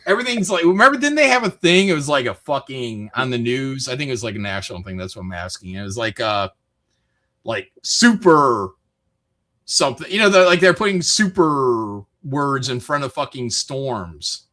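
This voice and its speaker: A man's voice: mid-range voice, moderate pace. A man from Michigan hosting a stream, ranting casually with lots of swearing. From Michigan, USA. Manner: rambling, swears often, animated rants. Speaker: streamer host. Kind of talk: casual chat.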